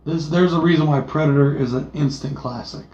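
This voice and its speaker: A man's voice: on the high side, a little fast, a little mellow. A man co-hosting a casual movie review, laid-back and jokey, swearing freely. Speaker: podcast co-host. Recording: echoey room, dull lo-fi sound.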